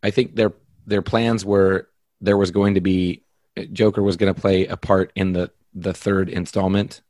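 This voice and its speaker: Halting low-voiced man, teasing. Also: level tone, darkish tone, no room sound. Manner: halting, searches for words, teasing. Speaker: podcast co-host. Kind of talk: casual chat.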